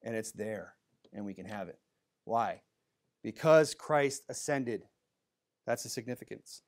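A man's voice: on the low side, expressive, unhurried. A male pastor preaching a sermon, talking plainly to the congregation and raising his voice for Bible readings.

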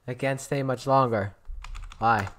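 A young man commentating a game casually, excitable, swinging from muttering to yelling and swearing. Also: medium pitch, a little slow, slight background noise. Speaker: gameplay commentator.

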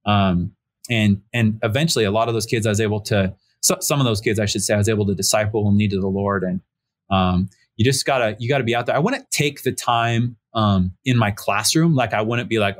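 A man's voice: on the low side, a little fast. A man in his thirties, a pastor and podcast guest, telling a personal story in a casual, conversational way with many fillers, raising his voice when he acts out the people he quotes. He joins the conversation remotely. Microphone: remote call setup.

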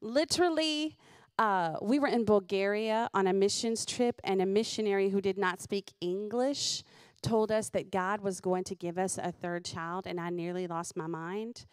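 Woman, middle-aged, comedic storyteller, smooth resonant voice, lively. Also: medium pitch, moderate pace, no echo, studio quality. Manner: lively, laughs at her own stories. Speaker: comedian host.

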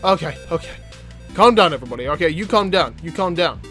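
A man giving animated, joking gameplay commentary to his viewers. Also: a little high, fast, soft background music. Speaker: gaming YouTuber.

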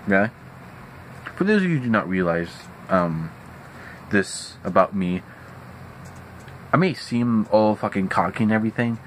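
Young male vlogger, angry profane rant, animated delivery, light background noise. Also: fairly low pitch, moderate pace, pauses often, low-quality recording. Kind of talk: venting rant. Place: at home indoors.

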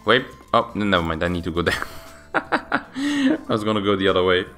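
A man's voice: lowish voice, huge pitch swings, normal speed, a bit bright, faint music behind. A man hosting a let's play, chatting casually and searching for words as he plays. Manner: rambling, searching for words with fillers. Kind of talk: casual gameplay commentary.

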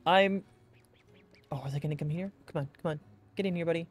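A man giving let's-play commentary, excitable, gasping and talking to himself as he plays. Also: a little high, fairly quick. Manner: excitable, gasps and talks to himself. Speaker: gaming YouTuber.

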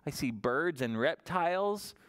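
A man reading a picture book aloud at a library toddler storytime, in an animated sing-song way and often asking the children questions. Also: on the high side, measured pace. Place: public library storytime room.

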